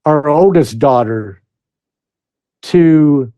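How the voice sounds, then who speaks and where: A man's voice: a little high, lively intonation, dry recording, highs cut off. An American man speaking as a guest musician in a casual interview, hesitant and full of fillers. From United States. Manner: slow, hesitant, many fillers.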